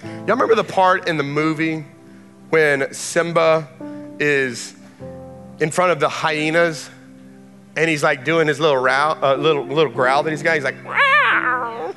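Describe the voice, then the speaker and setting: High bright guy preaching hard in a church, repeats himself, echoey hall. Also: steady tone, moderate pace, long pauses. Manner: impassioned, builds to shouting, repeats phrases. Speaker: pastor. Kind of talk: sermon. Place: church sanctuary. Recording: long hall reverb, faint music.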